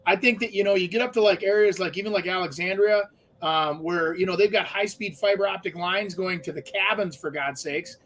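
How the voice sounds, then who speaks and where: A man's voice: high voice, a little fast, fairly bright tone, slight background noise. A man co-hosting a radio show, chatting casually with lots of fillers and restarts. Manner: talkative, many fillers and restarts.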